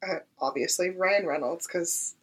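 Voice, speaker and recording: A young woman co-hosting a podcast in casual chat, gushing and laughing often, with a husky voice. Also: on the low side, measured pace, over a noisy crowd. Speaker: podcast co-host.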